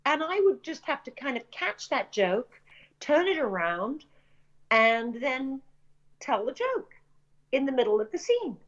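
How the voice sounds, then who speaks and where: A middle-aged British woman, an actress, telling lively anecdotes in an interview and acting out the people she quotes. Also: sits high, unhurried. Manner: animated anecdotes, acts out quoted voices, laughs often. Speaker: actress and screenwriter, interview guest. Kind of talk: casual interview storytelling. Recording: dull lo-fi audio.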